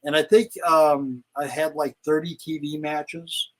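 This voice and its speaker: An older man with a slightly raised pitch spins road stories in a loose, chatty way. He jumps into the voices of the people he quotes as he tells them. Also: a little slow, poor audio. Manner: animated storyteller, acts out quotes. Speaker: guest, retired pro wrestler. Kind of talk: casual interview storytelling.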